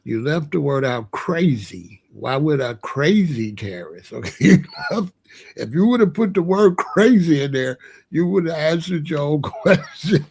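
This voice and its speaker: Man, 60s, livestream host, gravelly voice, unhurried drawl, fairly high pitch, repeats himself. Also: very animated, darkish tone. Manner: slow, repetitive, drawling. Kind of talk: casual commentary to live chat.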